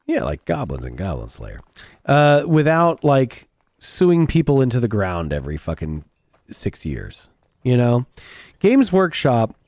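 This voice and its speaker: A man's voice: medium pitch, gravelly, dry recording, studio quality. A man streaming a game and chatting casually with viewers in a blunt, profane, rambling way. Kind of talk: casual chat while gaming.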